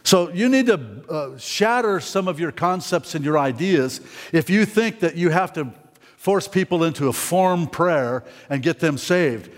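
A man's voice: a little high, lively intonation, a little slow, big-room sound. A man preaching a candid, folksy sermon testimony in church, often repeating words as he talks.

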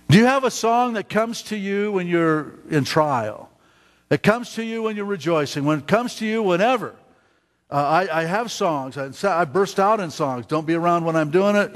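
A man preaching a sermon to his congregation, halting often with fillers and restarts and asking the listeners questions. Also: on the high side. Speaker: pastor. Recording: long hall reverb.

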